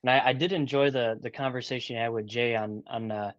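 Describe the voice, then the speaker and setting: A man's voice: medium pitch, steady tone, fast talker, no echo. A man in his twenties, a guest in a casual interview chat, talking hesitantly with lots of fillers and restarts. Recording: dull dry sound.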